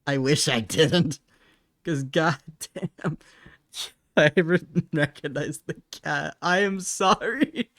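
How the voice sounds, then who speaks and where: A man's voice: on the high side, slow pace, fairly bright tone, no echo, studio quality. A young man chatting casually on a live stream while he draws, laughing often and apologizing in a self-mocking way.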